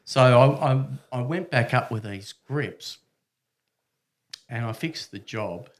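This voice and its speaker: A man spins a rambling, funny anecdote in a mid-pitched voice. He rises and falls in loudness as he acts out other people, and laughs into his own sentences. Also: animated, slow. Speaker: storyteller. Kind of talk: casual anecdote.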